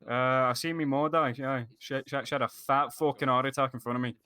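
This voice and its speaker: A man's voice: medium pitch, steady tone, fairly quick, bright, forceful tone, clean tone, lightly acted. A man playing a crude, laid-back police applicant in a game role-play, cocky and rambling.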